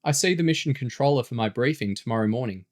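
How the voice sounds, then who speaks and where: A man's voice: mid-range voice, animated, fast talker, close to an everyday voice. A man reading a story aloud, voicing a chatty, slightly nervous teenage girl who brushes things off. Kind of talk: audiobook character voice.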